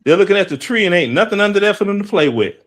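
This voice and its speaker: Bright, lively, stammering man. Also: sits high, rapid-fire. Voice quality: stammering, repeats words when worked up. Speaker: veteran co-host on a live stream panel. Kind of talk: casual heated chat.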